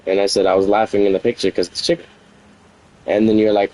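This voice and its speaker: A man with a fairly low voice vents to his stream about a fight, circling back over the same points. He sounds aggrieved and keeps repeating himself as he rambles. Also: flat delivery, fast, a little mellow, rough recording. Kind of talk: venting to stream about a relationship argument.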